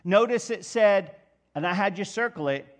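A man preaching a sermon as pastor, asking his congregation rhetorical questions and building to loud, emphatic passages. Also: high-pitched, normal speed.

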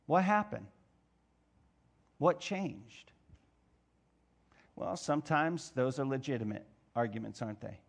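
A man preaching a sermon as pastor, asking his congregation rhetorical questions and building to loud, emphatic passages. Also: medium pitch, animated, takes it slowly, vocal fry, long pauses, husky.

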